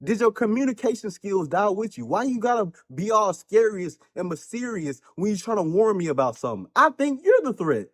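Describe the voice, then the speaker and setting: Animated, husky-voiced man ranting comically. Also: sits high, fairly quick, hardly any pauses. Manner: animated, rambling, joking and ranting. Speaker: comedic movie reviewer. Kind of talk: casual comedic movie review.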